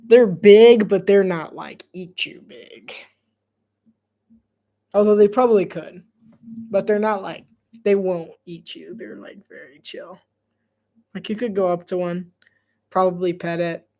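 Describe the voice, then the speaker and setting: A woman's voice: medium pitch, unhurried, long pauses, mellow. A young woman from Florida chatting casually on a live sports stream, laughing often and acting out quoted voices. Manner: giggly, chatty, leans on "like", acts out quoted voices. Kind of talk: casual chat over a live game.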